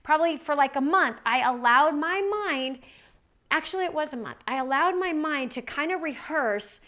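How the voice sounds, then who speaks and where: A woman telling a story in a lively, chatty way to an audience, often adding "like" and "right?" as she goes. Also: high voice, moderate pace. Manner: animated, chatty, many "like" and "right?" asides. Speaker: motivational speaker. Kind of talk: storytelling talk.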